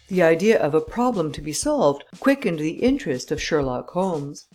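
A woman reading a classic story aloud as an audiobook narrator, in a measured, even way. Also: low voice, soft background music. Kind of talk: scripted narration.

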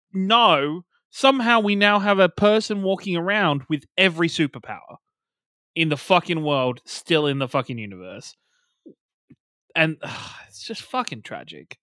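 A man's voice: fairly high pitch, bright, forceful tone, dry recording. A man co-hosting a casual podcast, ranting with constant swearing and exasperation. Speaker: podcast co-host. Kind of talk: casual podcast review chat.

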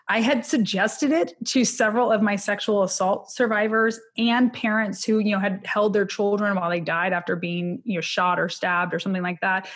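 A woman's voice: mid-range voice, slightly rough. A woman in her thirties, an interview guest telling a personal story candidly, with many fillers. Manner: candid, emotional, with many fillers and quick laughs.

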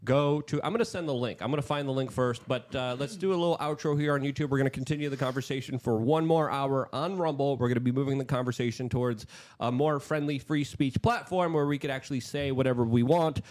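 A man's voice: medium pitch, darkish tone. A man hosting a podcast, speaking casually with many fillers and restarts. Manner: halting, filler-heavy, restarts. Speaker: podcast host.

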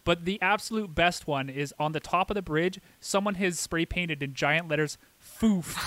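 A man's voice: a little high, normal speed, pushed and bright. A man co-hosting a podcast, casually recapping an episode in a chatty play-by-play and briefly mimicking the characters' lines. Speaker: podcast co-host.

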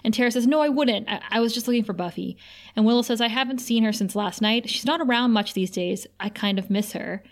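A podcast co-host with a highish voice talks briskly, casually recapping TV scenes. She quotes lines from the show and laughs frequently.

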